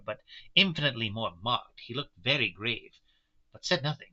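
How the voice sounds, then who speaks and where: A man reads a classic novel aloud in a live session, breaking off now and then for self-deprecating asides. His voice is very bright and forward, and the dull, lo-fi recording sounds like a home setup. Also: mid-range voice, expressive, normal speed. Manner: self-deprecating asides between read passages. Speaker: reader. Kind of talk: live book reading with commentary.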